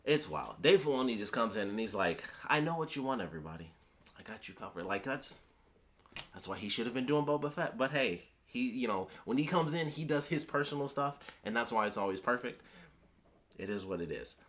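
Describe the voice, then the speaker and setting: A man talking casually and excitedly as a video reviewer, rambling and trailing off, with the odd swear word. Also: medium pitch, brisk. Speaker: YouTube reviewer.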